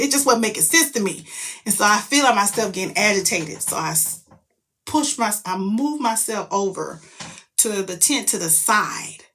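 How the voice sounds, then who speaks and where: Chatting casually, a middle-aged mom recounts a story with lots of energy and profanity, suddenly launching into loud bits of quoted speech. She speaks at a moderate pace with a medium-pitched voice.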